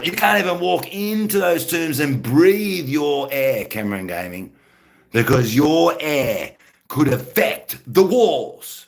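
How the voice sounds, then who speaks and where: A man's voice: a little high, lively intonation, unhurried, vocal fry. A man, rambling casually to his live-stream chat and greeting viewers by name.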